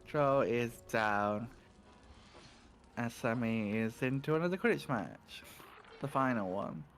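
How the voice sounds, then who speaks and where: A man's voice: medium pitch, lively intonation, slow pace, a little hiss or hum. A man commentating a speedrun in casual chat, teasing his co-host and talking to chat.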